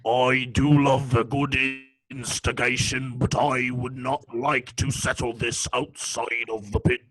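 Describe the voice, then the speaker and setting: A man voicing a big tattooed male pit fighter who speaks in a stately, measured, formal way. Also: mid-range voice, little pitch movement, noisy background, natural voice. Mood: formal, calm.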